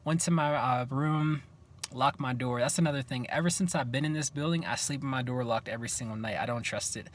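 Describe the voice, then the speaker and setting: A man's voice: medium pitch, a little fast. Young man telling stories casually. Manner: animated, acts out what people said. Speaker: vlogger. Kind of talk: casual storytelling to camera.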